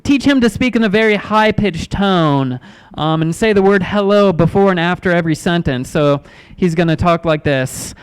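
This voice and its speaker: A man in his thirties doing a stand-up comedy set in a club, awkward and self-deprecating, halting with ums and restarts. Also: high voice, smooth, low-quality recording. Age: 30s.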